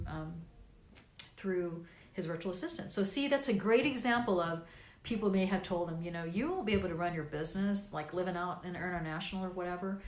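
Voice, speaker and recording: Worn-out grandma type doing a live video, rambly and encouraging, echoey room. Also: female voice, lowish voice. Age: older. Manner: encouraging, rambling, lots of fillers. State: tired. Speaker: vlogger and podcast host. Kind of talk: casual live video talk.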